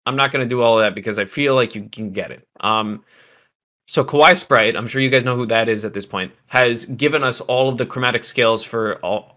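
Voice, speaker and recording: A man walks viewers through music software in a relaxed livestream lesson, his voice bright and forward. He drifts into fillers and side remarks to the chat, and he sounds slightly hoarse from losing his voice. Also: mid-range voice. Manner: loose and chatty, many fillers and asides to chat. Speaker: music production teacher. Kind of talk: casual livestream tutorial.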